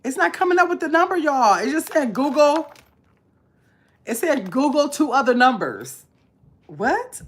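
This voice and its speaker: A woman hosting a casual livestream, chatting to her viewers and dropping to a low mumble while she searches her phone. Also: sing-song, normal speed. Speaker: livestream host.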